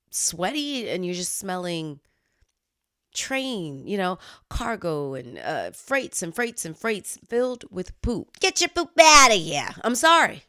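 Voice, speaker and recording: Female news-commentary host, animated and chatty, lively swings in pitch. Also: dry recording, studio quality. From United States. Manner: animated, chatty, exclaims and laughs at herself.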